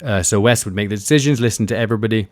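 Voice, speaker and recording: Man, very low voice, dry close sound, rambling interview guest, lots of uhs and likes. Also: rapid-fire, no echo. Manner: relaxed, rambling with many fillers and restarts. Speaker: guest, expedition kayaker. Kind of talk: casual interview storytelling.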